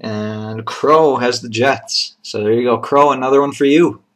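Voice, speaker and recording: A man of middle pitch hosts a card box break, calling out each pulled card and its serial number at an unhurried pace. He talks in a plain, methodical way, dropping short appreciative remarks when a nice card appears. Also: fairly bright tone. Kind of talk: live card-opening commentary.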